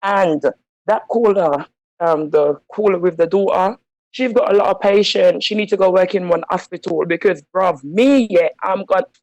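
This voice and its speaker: A woman's voice: fairly low pitch, moderate pace, darkish tone, dry recording, lo-fi sound. A woman calling in to a phone-in show, speaking heatedly and emphatically in slang because she is upset. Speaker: caller. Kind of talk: impassioned phone-in rant.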